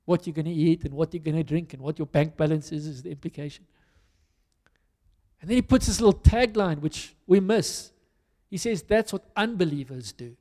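High-voiced South African preacher in a hall. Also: male voice, normal speed. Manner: storytelling, self-deprecating and animated. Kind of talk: conversational sermon. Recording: reverberant hall.

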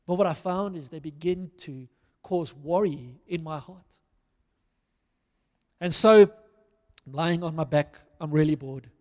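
A man's voice: on the high side, a little slow, pauses often, a little mellow. A man with a South African accent preaching a conversational, storytelling sermon with self-deprecating asides. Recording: reverberant hall.

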